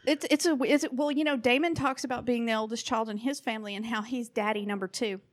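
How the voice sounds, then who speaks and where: Woman host, higher voice, friendly chat, asks easy questions. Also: fairly even intonation, quick pace, no room sound. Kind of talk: casual chat.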